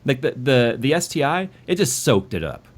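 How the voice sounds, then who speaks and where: A man co-hosts a casual tech livestream, reading viewer donations aloud. His pitch moves in a lively, animated way, and he sounds exasperated and stressed while still joking around. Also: moderate pace.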